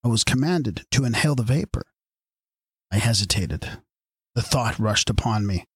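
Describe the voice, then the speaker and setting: Man, audiobook narrator, measured storytelling, husky voice, dry close recording. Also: mid-range voice, lively intonation, no echo.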